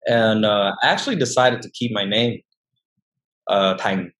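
A young man from northern Vietnam with a Vietnamese accent, speaking English as his second language in a casual interview and often pausing and restarting. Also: lowish voice, a bit bright, poor audio. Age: young adult. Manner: hesitant, many fillers and restarts. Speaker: guest.

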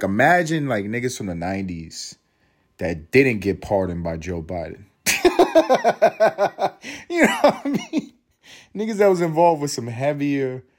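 30s guy from east harlem w/ new york accent, kinda low voice, cursing n rambling on his podcast. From East Harlem, New York City. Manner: profane, rambling, laughs at his own jokes. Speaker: podcast host. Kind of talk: solo podcast monologue.

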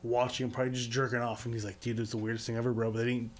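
A man's voice: mid-range voice, level tone, very fast. Podcast co-host, male, rambling and crude, loose storytelling chat. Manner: rambling, crude, filler-heavy.

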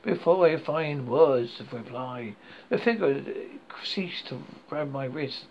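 A man reading a horror story aloud, halting and often stumbling over words, on a dull lo-fi recording. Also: mid-range voice, expressive, a little hiss or hum. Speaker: horror podcast host and reader.

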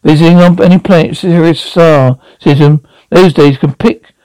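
A man's voice: on the high side, normal speed, warm tone, no echo, rough recording. A man reading a novel aloud as an amateur audiobook, often stumbling and repeating words. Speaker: reader.

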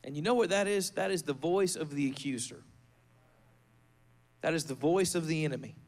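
A male pastor delivering a fervent sermon in a church, building to rousing shouts and leading the congregation in prayer. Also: on the high side, moderate pace.

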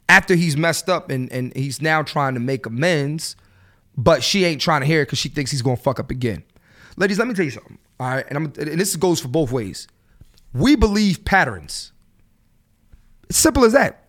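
A man in his thirties hosting a solo podcast, ranting bluntly in casual slangy talk and swearing freely, his voice jumping higher when he gets fired up. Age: 30s. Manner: animated, voice jumps up high when fired up. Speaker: podcast host.

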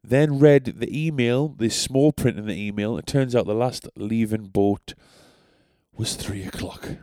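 A young man tells a meandering podcast story, full of swearing and jokes at his own expense. His voice sits low and mellow. The recording is dry and close. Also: unhurried, dry recording. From North East England. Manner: rambling, sweary, self-deprecating. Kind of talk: casual storytelling.

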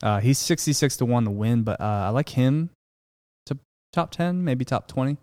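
A man hosting a casual golf betting podcast, talking in a relaxed, matter-of-fact way with lots of fillers. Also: mid-range voice, normal speed, no room sound, clean studio sound. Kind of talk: casual sports betting chat.

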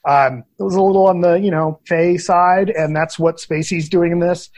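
Husky man ranting about a film. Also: high-pitched, moderate pace. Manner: animated, opinionated ranting. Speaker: guest film critic. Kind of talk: casual podcast chat.

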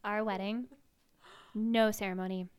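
A woman co-hosting a podcast, chatting casually with playful jokes and quick asides. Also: mid-range voice, level tone, smooth. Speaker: podcast co-host. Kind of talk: casual chat.

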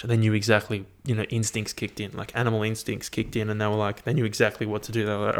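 A man's voice: lowish voice, fast, few pauses, clean tone. A young man, musing aloud in a casual, profane monologue full of fillers. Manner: profane, animated, thinks aloud with many fillers.

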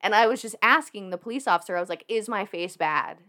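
A woman's voice: medium pitch, fast. A young woman telling a personal story as a podcast guest, chatty and laughing often, with plenty of fillers. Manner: animated, laughing, lots of fillers. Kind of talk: casual storytelling.

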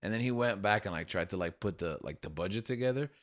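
A man's voice: fairly low pitch, expressive, fast. A man co-hosting a podcast in casual chat, telling stories and acting out quotes with frequent laughs. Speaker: podcast co-host.

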